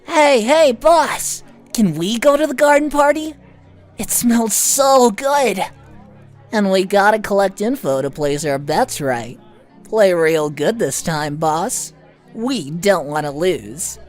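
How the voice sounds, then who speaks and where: A woman voicing an excitable, mischievous young twin boy with a brash manner in an audiobook. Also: low-pitched, slow, faint music behind. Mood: excited.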